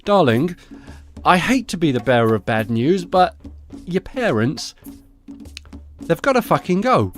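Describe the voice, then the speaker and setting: A man's voice: on the high side, sing-song, unhurried, long pauses, soft background music. A man briefly impersonating a smug older husband who breaks bad news to his wife in a drawling, mock-polite way. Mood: mock-tender.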